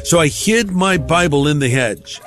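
A man's voice: on the high side, animated, normal speed, a bit bright, faint music behind. A man giving a conversational personal testimony, acting out the voices of the people in his stories.

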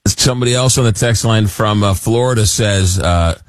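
A man's voice: lowish voice, moderate pace, no room sound, studio quality. A man hosting a radio talk show, chatting casually and reading listener texts aloud.

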